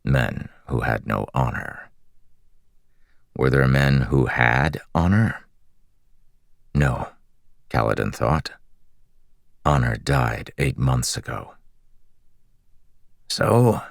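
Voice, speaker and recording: Very deep, gravelly male narrator. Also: no room sound, clean studio sound. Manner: measured, steady storytelling. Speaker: audiobook narrator. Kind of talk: scripted fantasy narration.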